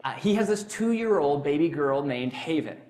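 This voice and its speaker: A man's voice: a little high, expressive, moderate pace, darkish tone. Man telling a story in a talk. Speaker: speaker giving a talk.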